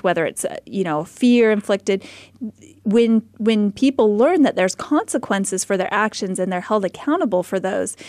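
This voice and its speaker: A woman's voice: medium pitch, no room sound. Woman host talking over a dry mic. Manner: thoughtful, rambling, restarts phrases. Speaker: radio host. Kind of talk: casual radio talk.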